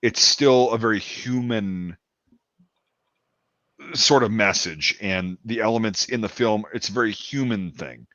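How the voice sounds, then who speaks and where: Halting Midwestern man, dry dull sound. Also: fairly low pitch, sharp tone, no echo. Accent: Midwestern American. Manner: halting, repeats words while building a point. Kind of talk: casual livestream chat.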